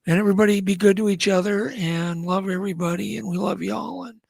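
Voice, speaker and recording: A man's voice: sits high, steady tone, fast, vocal fry, darkish tone, dry recording. A man hosting a radio talk show, signing off in an earnest, thankful way. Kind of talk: show sign-off chat.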